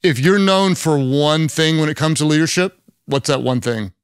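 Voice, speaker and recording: A man's voice: a little high, normal speed, smooth, no room sound, clean studio sound. A man from Oklahoma with a Southern accent, hosting an interview and enthusiastically praising his guest. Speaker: podcast host. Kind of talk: interview host conversation.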